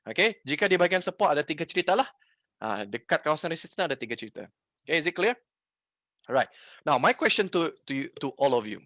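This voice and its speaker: A man's voice: fairly high pitch, very animated, quick pace, a bit bright, no echo. A man with a Malaysian English accent teaching a live online trading lesson, mixing in Malay and often checking in with his viewers. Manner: code-switching, asks the audience questions often. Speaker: trading instructor.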